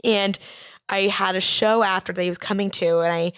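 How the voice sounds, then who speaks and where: A young woman comedian telling a story on a podcast, chatty and rambling, full of "like" and acted-out quotes. Her voice sits at an ordinary middle pitch. It is recorded dry and close, with no room sound. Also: steady tone, moderate pace, a bit bright, clear, resonant tone, no room sound. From Boston area. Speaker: stand-up comedian, podcast guest. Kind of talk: casual chat, storytelling.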